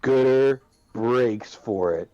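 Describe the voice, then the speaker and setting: A man playing a tabletop game, slowly narrating his character's actions. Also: medium pitch, warm tone, dry recording, muffled recording. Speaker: player. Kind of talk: casual tabletop play.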